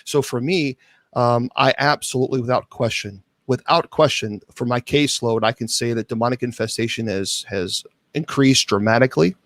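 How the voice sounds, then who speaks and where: A man's voice: medium pitch, a little fast, fairly bright tone, no room sound. A man from Kentucky with a light Southern accent, a bishop and exorcist guest talking earnestly in a casual podcast interview, often repeating his opening words. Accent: American Southern. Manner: earnest, repeats words when starting sentences.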